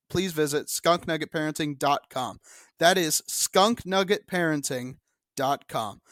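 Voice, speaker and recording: A man's voice: on the high side, fairly bright tone, no echo. A man co-hosting a podcast, reading sponsor ads in an upbeat, salesy delivery. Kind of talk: mock sponsor read.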